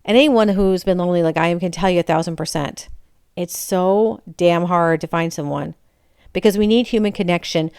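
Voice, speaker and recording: A woman's voice: fairly low pitch, a little fast, a little mellow, smooth, dry recording, studio quality. Candid woman venting on her podcast. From Michigan, USA. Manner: candid, frustrated, confessional. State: emotionally raw. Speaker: podcast host. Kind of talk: casual personal monologue.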